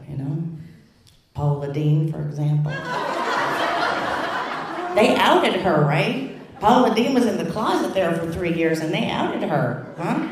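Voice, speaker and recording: A middle-aged woman performing a stand-up comedy routine, telling self-mocking stories with deadpan punchlines. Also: medium pitch, noisy background. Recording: echoey stage heard from a distance.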